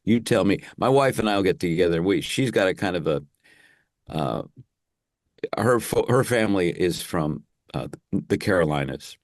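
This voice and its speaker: This actor and impressionist has a low-pitched, expressive voice and talks at a normal speed, recorded in studio quality with no room sound. As a guest in a casual interview, he chats in a loose, rambling way, laughing easily.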